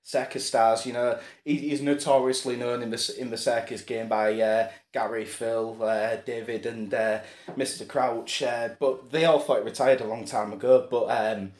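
A man's voice: mid-range voice, moderate pace, echoey room. A man, co-hosting a comedy podcast and telling silly made-up stories while laughing often. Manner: giggly, acts out a showman and excited kids in his stories. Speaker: podcast co-host. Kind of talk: comedic storytelling chat.

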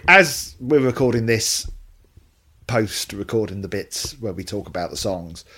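A man co-hosting a chatty music podcast. His voice is mid-pitched, and his intonation rises and falls a lot. He talks in a loose, rambling way, with plenty of fillers. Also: lively intonation, unhurried, pushed and bright, slightly rough. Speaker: podcast co-host. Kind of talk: casual podcast chat.

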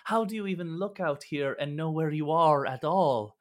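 A man's voice: a little high, moderate pace, voice pushed up, lightly acted. A man voicing a lost and fretful woman from under the sea in a tabletop game, speaking in a lamenting, effusive way. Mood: wistful.

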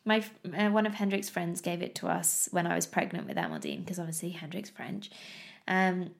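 Chatty woman with a gravelly edge. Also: on the low side, fairly quick. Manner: chatty and animated, laughs often, trails off and restarts. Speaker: mother vlogging about her toddler. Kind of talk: casual chat to camera.

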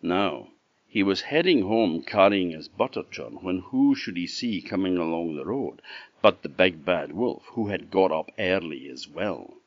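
A man with an Orkney Scottish accent telling a folk tale, his deep voice rising and falling in a wide, lively sweep. He takes his time, and the recording is dry and a little dull and lo-fi. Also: measured pace, dry recording. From Orkney, Scotland. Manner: lively, expressive storyteller. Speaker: storyteller.

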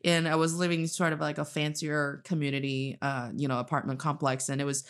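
A woman from China chatting casually as a podcast co-host, telling animated stories with laughs. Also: deep voice, a little fast, smooth. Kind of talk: casual conversation.

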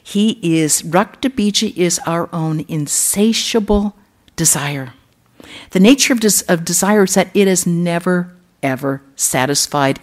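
Low-voiced woman telling a sacred story. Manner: conversational storytelling with humorous asides. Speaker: Vedanta nun giving a temple talk. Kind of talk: sermon. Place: temple.

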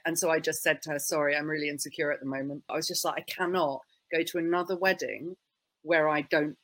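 A woman's voice: sits low, fairly even intonation, fast talker, a bit bright. A woman in her thirties from South Africa, a comedian chatting casually and laughing often. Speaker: comedian guest. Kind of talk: casual chat.

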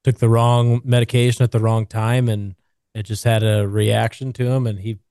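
A man in casual chat, telling stories in an animated way and acting out what others said. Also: lowish voice, moderate pace, no room sound, studio quality. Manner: animated storyteller who acts out quotes.

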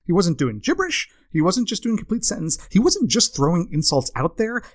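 A man's voice: a little high, a bit bright, no room sound, studio quality. Rambling self-deprecating male podcast host. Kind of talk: comedic podcast monologue.

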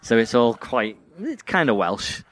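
A man's voice: mid-range voice, sing-song, unhurried. A man co-hosting a podcast in a pub, chatting casually, stumbling over words and laughing often. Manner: stammering, laughs a lot. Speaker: podcast co-host. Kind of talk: casual chat.

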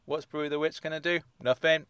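A man's voice: on the high side, level tone, brisk, a bit bright, clear, resonant tone, no echo. Dry sardonic man riffing. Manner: dry, sardonic asides with chuckles. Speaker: host reading and riffing on episode synopses. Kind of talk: casual comic commentary.

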